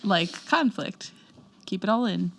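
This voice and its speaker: A married woman co-hosts a casual podcast chat among friends, with a gravelly, creaky edge to her voice. She teases her friends and keeps asking questions. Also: medium pitch, animated, slow, slight background noise. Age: adult, married. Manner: warm teasing, asks questions, laughs. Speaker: podcast co-host.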